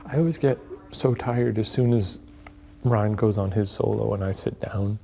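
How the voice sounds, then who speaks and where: A man co-hosting a ghost hunting show, making dry, relaxed, skeptical remarks in casual commentary. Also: fairly low pitch, normal speed, gravelly.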